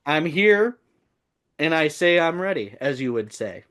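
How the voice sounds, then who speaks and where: A man's voice: a little high, very animated, measured pace, a bit bright. A man joining a comedic podcast, boastful and playful. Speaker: podcast regular.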